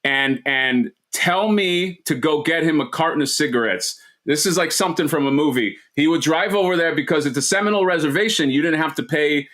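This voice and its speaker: A man from Florida chats with a co-host in a relaxed, easygoing way. He swears casually and often restarts his sentences, stumbling a little as he talks. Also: fairly high pitch, a little fast, hardly any pauses. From Florida, USA. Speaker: podcast co-host. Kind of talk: casual chat.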